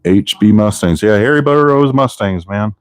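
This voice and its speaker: A man's voice: lowish voice, expressive, normal speed, clean tone, dry recording. A man hosting a casual live stream from his car restoration garage, chatting loosely with viewers in profanity-heavy shop talk. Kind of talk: casual live-stream chat while working.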